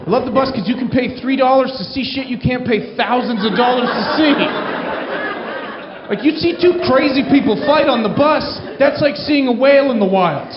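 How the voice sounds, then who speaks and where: A man's voice: extremely high pitch, moderate pace, muffled recording, noisy background. A man doing a stand-up comedy set on a club stage, telling stories and acting out the people in them. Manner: animated storytelling, acting out characters' lines. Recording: roomy club recording with crowd laughter.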